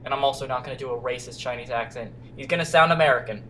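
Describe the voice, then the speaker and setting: A man's voice: mid-range voice, very fast, a bit bright, slight background noise. A man casually reading out a game and bantering with a friend, teasing and exasperated. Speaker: gamer narrating a playthrough. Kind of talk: casual let's-play commentary.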